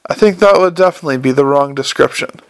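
Brief: man reads wry young man, dry wit, slightly raised, gravelly. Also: a little high, fast talker, natural voice. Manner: wry, dry, sometimes uncertain.

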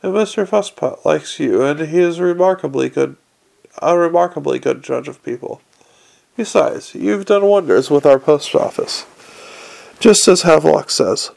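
A man's voice: a little high, animated, moderate pace, gravelly, darkish tone. A man voicing a sly, teasing old lady. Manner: dry, teasing, slyly blunt. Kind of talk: audiobook character reading.

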